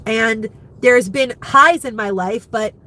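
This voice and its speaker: A woman's voice: fairly high pitch, takes it slowly, sharp tone. A woman in her fifties chatting candidly to viewers in a rambling, emotional way. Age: 50s. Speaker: vlogger. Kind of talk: candid live chat.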